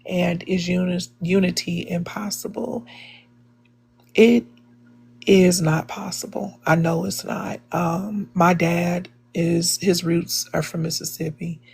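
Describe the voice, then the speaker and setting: A woman makes her case in a live online debate. Her voice is gravelly and husky and sits fairly low. She speaks earnestly, with plenty of "um"s and restarts. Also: flat delivery, takes it slowly, a little mellow. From Chicago, USA. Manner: earnest, many fillers and restarts. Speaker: debate participant.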